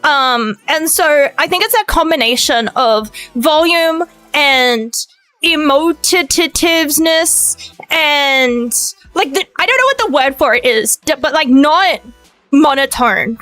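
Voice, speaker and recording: A high-voiced young woman chats on her stream, loud, fast and very emotive. Her pitch leaps up and down as she talks. The sound is close and dry, with faint music underneath. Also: no room sound. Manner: excitable, loud and fast, lots of pitch swings. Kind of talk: casual chat stream.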